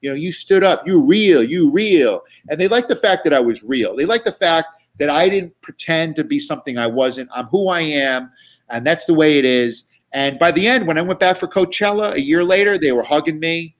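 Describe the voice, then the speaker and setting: Chatty New man, slightly high voice. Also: lively intonation, a little fast, a bit bright. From New York. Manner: chatty, profane, many restarts and fillers. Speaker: guest comedian. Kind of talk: casual storytelling.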